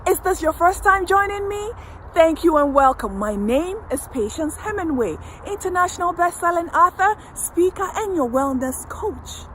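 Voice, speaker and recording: A woman's voice: high voice, low-quality recording. A woman coach delivers a motivational affirmation talk right to the viewer in a slightly raised voice. Her phrasing is emphatic and repetitive, building an uplifting rhythm. A faint sound of passing traffic sits in the background. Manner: speaks directly to the viewer. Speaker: wellness coach.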